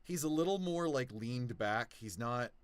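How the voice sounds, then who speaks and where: Brief: male player, mid voice, lively rises and falls, casual storytelling. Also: mid-range voice, a little slow, clean tone, dry recording. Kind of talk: describing his character's actions in a tabletop game.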